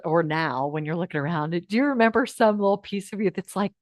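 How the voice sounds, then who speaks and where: A woman hosting a live online class, guiding listeners through affirmations in a coaching manner that moves between hushed and lively. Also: fairly low pitch, a little fast, no echo, clean studio sound. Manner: warm coaching, swings from hushed to animated. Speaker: host of an uplift program.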